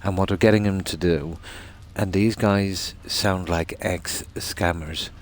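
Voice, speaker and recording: A man's voice: sits low, steady tone, slow pace. A man streaming a game, chatting casually and telling long rambling stories. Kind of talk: casual chat while gaming.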